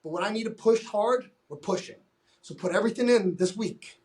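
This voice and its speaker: A fitness coach, a man whose voice is high for his sex, chats in a casual podcast. Blunt, emphatic and freely profane, he often slips into quoted back-and-forth with his clients. He talks fairly quickly, with a slightly mellow tone.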